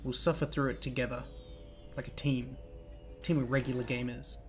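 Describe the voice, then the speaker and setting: A man's voice: medium pitch, little pitch movement, moderate pace, faint music behind. A young man giving casual, rambling, joking commentary over a video game playthrough. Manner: rambling, joking, self-interrupting. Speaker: gaming channel host. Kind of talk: casual let's play commentary.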